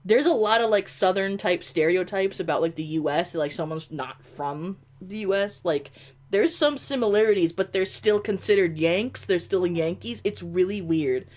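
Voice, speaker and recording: A woman's voice: on the low side, moderate pace, darkish tone. A woman with an upstate New York accent, chatting casually and ramblingly on a gaming stream. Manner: rambling, full of "like", laughs easily. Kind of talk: casual chat while gaming.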